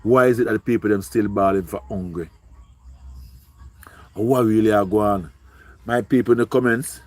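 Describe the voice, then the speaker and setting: A man's voice: fairly low pitch, fairly even intonation, normal speed, long pauses, dry recording. A man with a Jamaican accent, pleading and repeating himself as he speaks emotionally to viewers on a live stream. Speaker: livestreamer.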